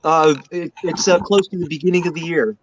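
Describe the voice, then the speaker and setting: A man's voice: fairly high pitch, steady tone, fairly quick, muffled recording, a little hiss or hum. A man on a live drone chat show who talks hesitantly, with lots of fillers and restarts. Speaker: regular panelist, drone pilot.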